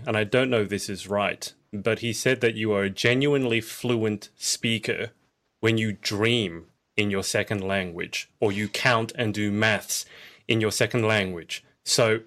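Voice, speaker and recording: A man's voice: lowish voice, fairly bright tone. A man hosting an interview podcast, asking friendly, curious questions in a casual chat. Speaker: podcast host.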